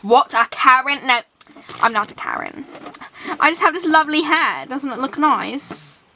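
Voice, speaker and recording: A woman's voice: sits high, very animated, normal speed, bright, forceful tone, a little hiss or hum, full character voice. A woman voicing a vain, bossy mother pony in a toy fan drama, talking in a pushy, dismissive way. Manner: pushy, dismissive, self-satisfied.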